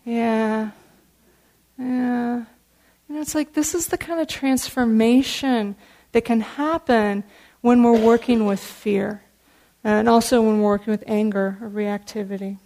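Woman, meditation teacher, dharma talk, earnest storytelling, fairly high voice. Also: normal speed, mellow.

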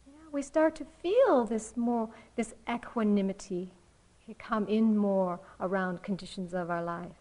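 A woman meditation teacher giving a dharma talk in a slow, reflective way, with soft pauses. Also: mid-range voice, low-quality recording.

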